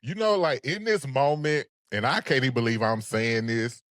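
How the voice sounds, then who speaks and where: A man co-hosting a casual recap show, talking in a sassy, animated way. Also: mid-range voice, moderate pace, dry recording, studio quality. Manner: sassy, animated, sings phrases. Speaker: podcast co-host.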